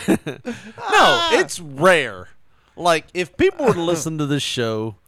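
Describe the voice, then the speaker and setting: A man's voice: fairly high pitch, wildly swooping pitch, slow pace, bright, forceful tone, a little hiss or hum. Drunk, giggly podcast co-host man. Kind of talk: casual chat. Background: smoking a cigar at the mic.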